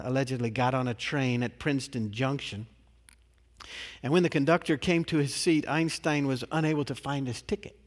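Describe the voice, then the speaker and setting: A male pastor preaching a sermon in a measured, emphatic way, posing rhetorical questions and answering them. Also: mid-range voice. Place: large church sanctuary. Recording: long reverb of a large church.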